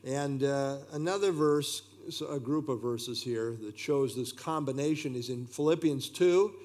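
A man teaching a verse-by-verse Bible study, unhurried, with plain explanations and frequent "uh" fillers. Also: mid-range voice, darkish tone.

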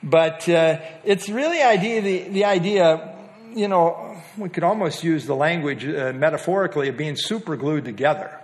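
An older man teaches a Bible passage in a relaxed, conversational way. His voice sits a little higher than most men's, and he often stops to restart a thought. He slips in homespun humor as he explains the verses. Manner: halting, with frequent "uh" and restarts; folksy, with light humor.

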